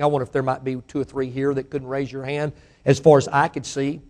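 A pastor with a Mississippi Southern accent preaching a sermon, his voice swelling to fiery shouts and then falling to a hushed prayer. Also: medium pitch, little pitch movement, fairly quick. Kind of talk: sermon with altar call.

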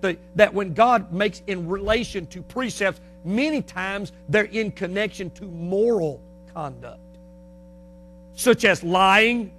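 Folksy, emphatic high-voiced preacher. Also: male voice, slight background noise. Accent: Northern US. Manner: folksy, emphatic, swings between loud and soft. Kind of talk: sermon.

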